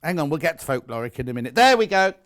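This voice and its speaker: A man's voice: a little high, sing-song, very fast, fairly bright tone. A British man presenting live on a shopping channel, chatty and gushing as he shows off fabrics. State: out of breath. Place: TV studio.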